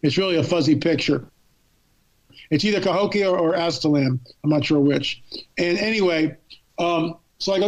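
A woman guest telling a long personal story in a casual, animated way, acting out what other people said to her. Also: fairly low pitch, normal speed. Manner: animated, acts out both sides of a remembered phone call. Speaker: podcast guest.

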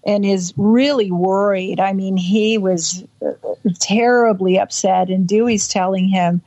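A woman interviewed about a childhood memory, talking in halting bursts with many restarts and acting out the voices she quotes. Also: mid-range voice, fairly even intonation, mellow. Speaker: interview guest. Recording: dull lo-fi audio.

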